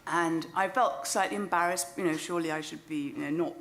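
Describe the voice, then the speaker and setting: A woman's voice: on the low side, a little fast, a bit bright. A middle-aged woman with a British English accent, telling a self-deprecating anecdote live on stage into a microphone. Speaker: novelist. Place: stage of a small club venue.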